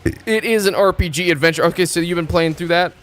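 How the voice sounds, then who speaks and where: A game streamer with a high-pitched, fairly bright voice talks quickly while soft music plays behind him. His casual live chat wanders, gets profane, and is full of stumbles and restarted sentences.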